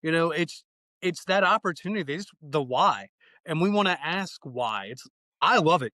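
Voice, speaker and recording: A man's voice: a little high, animated, brisk, pushed and bright, no room sound, low-quality recording. A man in his thirties, a fire training instructor, talking enthusiastically and casually as a podcast guest, acting out conversations. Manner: enthusiastic, slangy, acts out dialogue.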